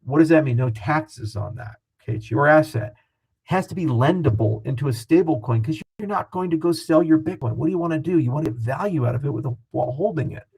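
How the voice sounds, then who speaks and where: A man speaking as an interview guest, talking fast and animated in a casual, profane way. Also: fairly high pitch, gravelly, husky, poor audio.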